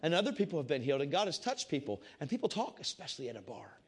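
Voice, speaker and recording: A man giving a casual, animated Christian testimony to a group. He swings between loud excitement and hushed intensity. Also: fairly high pitch, rapid-fire. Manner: casual, repeats "I said" often. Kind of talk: testimony storytelling to a crowd.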